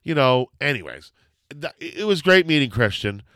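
A man from Canada tells a rambling story in casual chat, getting loud and swearing when he acts out the exchanges. His voice is smooth and clear, and the recording is close and dry. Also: medium pitch, normal speed, no room sound. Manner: animated, swearing, acts out quotes loudly.

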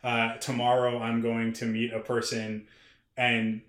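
Man, casual podcast chat, mid pitch, roomy echo, talks on and on with restarts. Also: monotone, a little slow, a bit bright. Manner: talkative, explanatory, many restarts. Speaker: podcast co-host.

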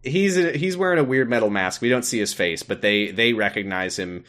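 A man's voice: medium pitch, moderate pace, a bit bright. A man co-hosting a podcast, chatting casually about a TV episode with a wry, teasing manner. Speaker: podcast co-host. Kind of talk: casual chat recapping a TV episode.

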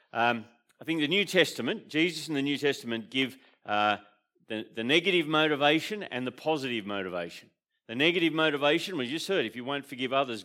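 Man, Australian accent, sermon, mid-pitched voice, conversational, questions to the congregation. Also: fairly bright tone. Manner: explains terms with fillers and restarts. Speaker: pastor.

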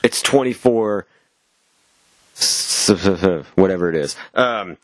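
A man with a very low voice leads a casual movie review, giving blunt, sardonic takes. The sound is dry and close, with no room echo. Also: lively intonation, slow.

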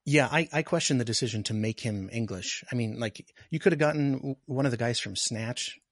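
A man's voice: medium pitch, fairly quick. A man in a casual film discussion, talkative and explaining at length.

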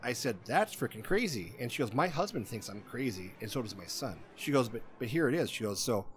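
A man's voice: medium pitch, animated, brisk. A man in casual chat, telling a long story in a rambling way and often stopping to quote what other people said. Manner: rambling, repeats "she goes" while quoting others.

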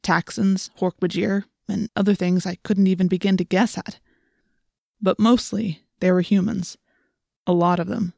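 Woman reading an audiobook, steady and plain, mid pitch, dry close mic. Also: moderate pace, creaky, no echo. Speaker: audiobook narrator. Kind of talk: first-person audiobook narration.

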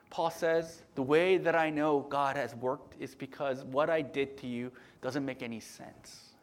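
A man preaching a sermon, telling stories with lots of "right?" tag questions and swinging between loud bursts and hushed murmurs. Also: mid-range voice, fairly even intonation, a little slow, few pauses. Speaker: pastor.

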